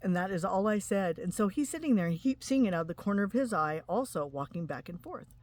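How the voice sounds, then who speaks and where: A woman in her forties from Utah, telling an emotional personal testimony to camera in an earnest, halting way. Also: mid-range voice, expressive, a little mellow, dry recording. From Utah, USA. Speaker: spiritual vlogger.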